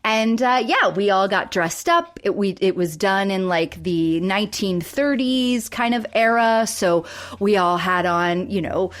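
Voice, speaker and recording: A woman co-hosting a podcast, chatting in a relaxed, upbeat way. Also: medium pitch, measured pace. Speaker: podcast co-host. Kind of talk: casual podcast chat.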